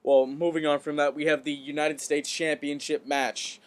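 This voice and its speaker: A man's voice: a little high, flat delivery, moderate pace. A man co-hosting a podcast, chatting casually about wrestling, often stumbling and repeating words as he goes. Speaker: podcast co-host.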